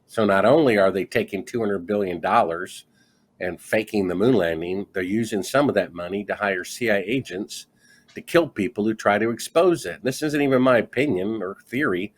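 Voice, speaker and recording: A middle-aged man with a fairly low voice talks as a guest in a conversational interview. He tells his story with energy, acts out what people said and slips into a livelier delivery as he goes. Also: normal speed. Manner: animated storyteller acting out quoted dialogue. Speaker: guest author.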